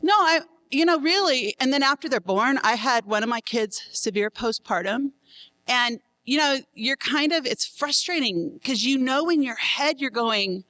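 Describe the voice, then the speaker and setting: A middle-aged woman speaks frankly to a room of couples, sprinkling in laughing asides. Her voice sits a little on the high side. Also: expressive, normal speed, sharp tone, low-quality recording. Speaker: seminar speaker. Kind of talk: candid talk to couples.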